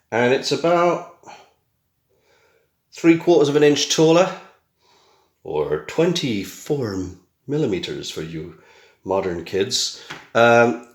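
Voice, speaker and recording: Chatty British man in an echoey room. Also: on the low side. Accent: British English. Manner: chatty, self-mocking, wisecracking asides. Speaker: tech vlogger. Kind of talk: casual unboxing chat. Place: small room at home. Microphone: camera mic.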